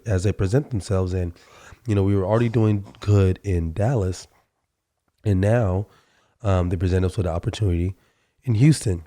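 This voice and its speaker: A man with a slightly hoarse voice from a sore throat, hosting a relaxed solo podcast and chatting with many fillers. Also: deep voice. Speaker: podcast host. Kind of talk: casual solo podcast talk.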